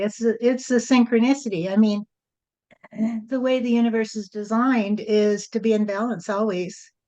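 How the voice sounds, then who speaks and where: A woman guest in a spiritual interview, speaking in a measured, reflective way with pauses. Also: mid-range voice, dark tone, muffled recording.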